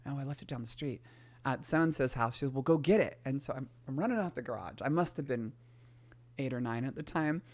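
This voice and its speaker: A woman's voice: very deep voice, fairly quick. A woman in her forties, a guest from the San Francisco area, telling candid stories about her childhood and acting out family voices as she goes. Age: 40s. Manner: animated storyteller who acts out family voices. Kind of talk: candid conversational storytelling.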